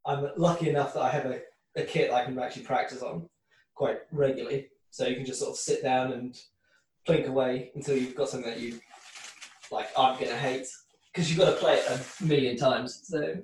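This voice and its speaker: A man's voice: mid-range voice, fairly even intonation. Hesitant drummer man in a very echoey room. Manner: slow, hesitant, thinking aloud. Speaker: band drummer. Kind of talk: casual interview chat. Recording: very echoey room, distant mic.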